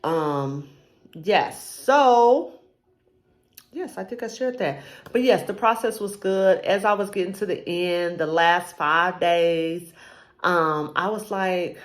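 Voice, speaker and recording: Earnest, slightly low-voiced woman vlogger. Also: slow. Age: adult, married with a child. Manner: earnest, rambling, with frequent ums. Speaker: vlogger sharing a faith journey. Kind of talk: casual personal testimony.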